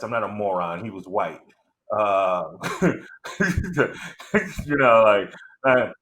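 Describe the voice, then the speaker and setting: A middle-aged man telling a stand-up story, rambling and halting with many fillers and restarts. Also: mid-range voice, fairly bright tone. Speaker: stand-up comedian.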